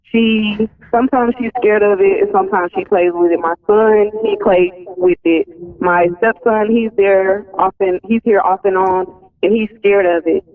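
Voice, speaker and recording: A woman's voice: medium pitch, steady tone, normal speed, distant mic. A woman from Alabama, calling in to a radio show and explaining hesitantly and politely. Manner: hesitant, polite, says ma'am. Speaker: caller. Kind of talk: phone-in call. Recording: tinny phone line on radio.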